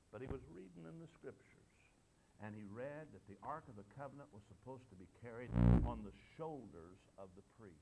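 An older man preaching a sermon, with emphatic delivery that swings between loud and soft. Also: medium pitch, a little hiss or hum.

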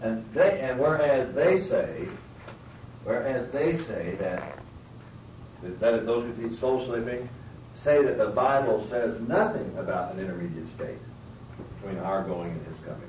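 A man's voice: medium pitch, expressive, a little slow, a little mellow, muffled recording. A man teaching a Bible class, explaining step by step, often rephrasing and putting questions to his listeners. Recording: roomy, distant mic, faint background noise.

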